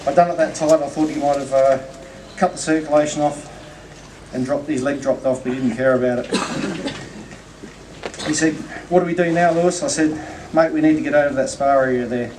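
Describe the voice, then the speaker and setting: At a memorial, a man with a fairly high voice and fairly even intonation speaks a little fast, telling a humorous eulogy story with acted-out dialogue. The recording is from a distant mic, with room ambience and a noisy background.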